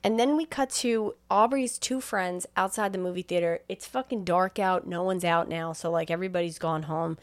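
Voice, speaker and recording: A woman co-hosting a casual chat show, retelling a film with quick voiced quotes, frequent laughs and swearing. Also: lowish voice, steady tone, no echo. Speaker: podcast co-host recapping a film.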